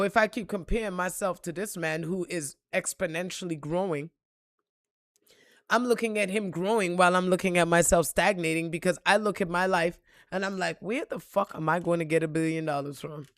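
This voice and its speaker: A woman giving a blunt, profane motivational monologue, repeating phrases and swinging between loud outbursts and low, reflective tones. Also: dry recording, clean studio sound. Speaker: spiritual reader and motivational vlogger.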